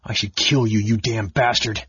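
A man's voice: medium pitch, expressive, normal speed, breathy edge, no echo, lo-fi sound. An audiobook narrator voicing a big hot-tempered male warrior general who speaks angrily and threateningly. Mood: furious. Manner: angry, threatening, through clenched teeth.

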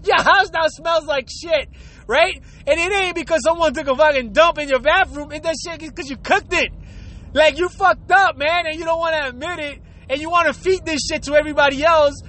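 A man with a strikingly high voice rants to his vlog audience with a crude, comic streak. He laughs often and swears freely. His tone is bright and forceful throughout. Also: slight background noise. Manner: acts out quoted excuses in a lower voice. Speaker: vlogger. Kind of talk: profane comedic rant to camera.

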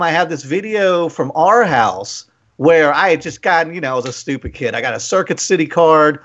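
Profane Mid-Atlantic man hosting. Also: on the high side. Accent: Mid-Atlantic American. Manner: profane, animated storyteller. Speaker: podcast host. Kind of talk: casual interview chat. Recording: dull lo-fi sound.

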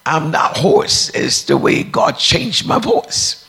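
A deep-voiced woman preacher telling a testimony, acting out the dialogue as she tells it. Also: wildly swooping pitch, slow pace, a bit bright, breathy edge. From United States. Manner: storytelling, acts out dialogue.

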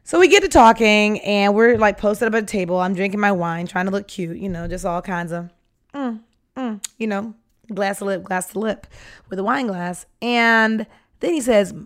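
A woman tells a dating story in a loose, casual way, with an ordinary mid-range pitch. She is animated and blunt, swears freely, and acts out both sides of the talk herself. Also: moderate pace, clean tone. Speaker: podcast storyteller.

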